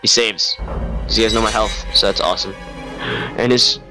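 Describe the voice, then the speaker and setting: A man's voice: fairly low pitch, normal speed, long pauses, pushed and bright, faint music behind. A young man giving sarcastic let's play commentary on a horror game. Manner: wry, sarcastic narration of the action. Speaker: gamer playing a horror game.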